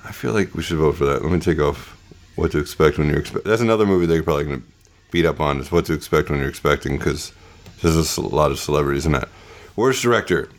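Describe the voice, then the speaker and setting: A man's voice: extremely low pitch, quick pace. A man hosting a podcast who jokes offhandedly while reading through lists. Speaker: podcast host. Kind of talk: casual chat.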